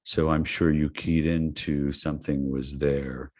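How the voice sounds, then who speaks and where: A man interviewing a guest, affirming her with slow, measured praise. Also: a bass voice, little pitch movement, a little mellow. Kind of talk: conversational interview.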